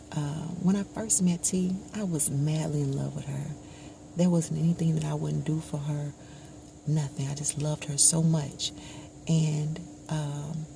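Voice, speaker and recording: A vlogger with a gravelly, lowish voice tells a personal story slowly and reflectively, often dropping to a hushed tone. Steady background noise runs beneath the recording.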